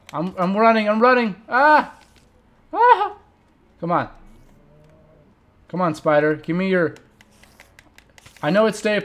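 A young man hosting a let's play, chatting with viewers and reacting loudly and playfully to the game. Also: sits high. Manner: playful, jokes and mock eulogies. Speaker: gaming channel host.

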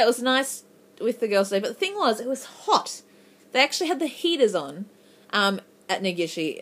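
A young woman with an Australian accent in her twenties, chatting casually in a rambling vlog with lots of ums and a stuffy, runny nose. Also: medium pitch. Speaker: English teacher vlogger.

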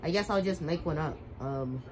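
A woman's voice: low voice, moderate pace, a little mellow, a little hiss or hum. A woman in a playful cosplay fight skit, full of boisterous, joking trash talk.

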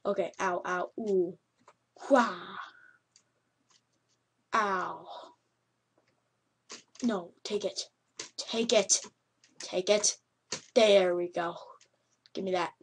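Excitable woman doing game commentary. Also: medium pitch, a little hiss or hum. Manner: excitable, yelps and laughs at the game. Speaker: gameplay commentator. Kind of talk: let's play commentary.

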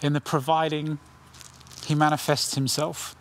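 A middle-aged man preaching a sermon with earnest intensity, dropping his voice low on key lines. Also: flat delivery, slight background noise. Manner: earnest, dramatic pauses, drops to near whisper on key lines.

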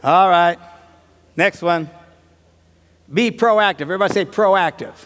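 In a high voice at normal speed, a male pastor who's also a comedian tells funny stories during a sermon. Mumbled asides give way to loud punchlines, and he laughs at his own jokes.

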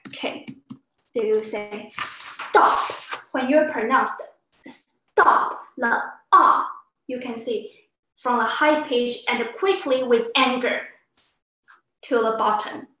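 A woman teaching a beginner class, patiently explaining and acting out example sounds with exaggerated pitch. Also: pushed and bright, reverberant, poor audio. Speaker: Chinese language teacher.

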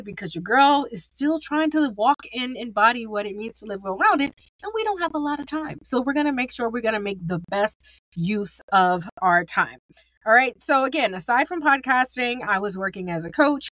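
A woman's voice: medium pitch, fairly bright tone. A woman of forty speaks alone into a close podcast mic, candid and upbeat. Her voice sits in a middle range, and the sound is dry with no room echo. She talks to the listener like a friend. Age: 40s. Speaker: podcast host. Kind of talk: solo podcast monologue.

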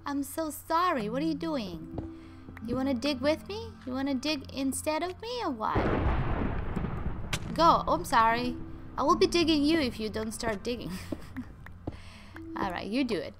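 Young woman gamer, chatty and playful, voice a bit high, music running underneath. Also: animated, unhurried, long pauses. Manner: chatty, playful, talks to viewers and her dogs. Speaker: gaming YouTuber. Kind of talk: casual gameplay commentary. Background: game music.

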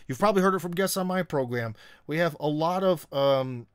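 A man's voice: a little high, brisk, smooth, dry recording, clean studio sound. A man hosting a live stream, reading viewer comments and answering in an opinionated, sarcastic, conversational way. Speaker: host.

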